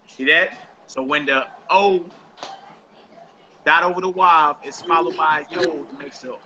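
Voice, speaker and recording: A man's voice: fairly high pitch, moderate pace, sharp tone. Man teaching a class, muffled recording. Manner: casual, uses y'all, drills words by repeating them. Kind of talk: classroom language lesson. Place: classroom with a group of students. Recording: muffled recording with background noise.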